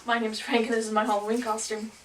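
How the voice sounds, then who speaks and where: A woman's voice: a little high, level tone, fast, slight background noise, natural voice. A woman voicing a kindly nun in a cab, reassuring and coaxing. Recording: distant mic.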